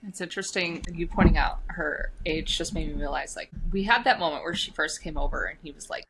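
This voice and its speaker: A woman co-hosting a book podcast, reacting with animated, slangy remarks. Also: deep voice, brisk, vocal fry, heavy background noise. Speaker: podcast co-host. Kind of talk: casual book-club chat.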